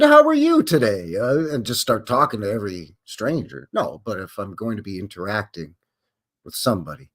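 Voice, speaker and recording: A man's voice: lowish voice, slightly rough. A man from Canada, hosting a live stream in a rambling chat that acts out quoted voices and answers viewers. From Western Canada. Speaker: livestream host.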